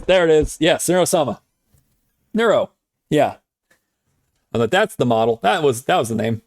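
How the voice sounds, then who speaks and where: A man streaming, chatting casually in a rambling way with lots of fillers and quick chuckles. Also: medium pitch, no echo, studio quality. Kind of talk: casual chat.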